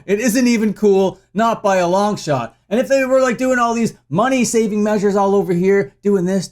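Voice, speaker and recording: Young guy with a high voice going off on a rant, fired up, cussing a lot. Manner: heated, profane, exasperated. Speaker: channel host. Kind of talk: angry rant to camera.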